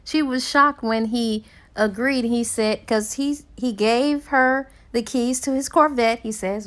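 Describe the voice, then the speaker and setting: Slow, chatty woman reviewing a book. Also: a little high. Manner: chatty, with fillers and small laughs. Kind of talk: casual book review retelling the plot.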